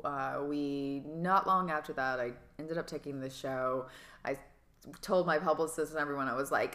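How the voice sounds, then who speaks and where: A woman in her thirties from Atlanta, an actress chatting in an interview with a sassy, animated manner and frequent laughter. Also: low voice, normal speed. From Atlanta, US South. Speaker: actress guest. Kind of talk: casual interview chat.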